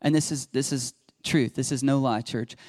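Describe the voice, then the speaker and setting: A man's voice: mid-range voice, steady tone, normal speed, a little mellow, no echo. A man, preaching a conversational sermon as a pastor and telling stories with chatty asides to the congregation.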